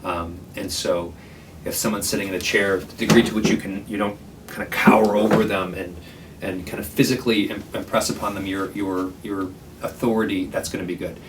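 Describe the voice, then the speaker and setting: Earnest low-voiced man giving advice. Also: flat delivery, brisk, far from the mic, noisy background. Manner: casual, earnest, many fillers and restarts. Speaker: homeless shelter worker. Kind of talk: training talk to librarians.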